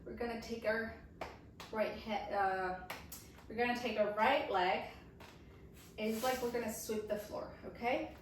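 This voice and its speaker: A woman's voice: fairly high pitch, unhurried, long pauses, a little hiss or hum. A woman teaching a belly dance choreography, counting beats aloud and checking in with the class. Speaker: dance instructor. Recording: echoey room, voice from far off the mic.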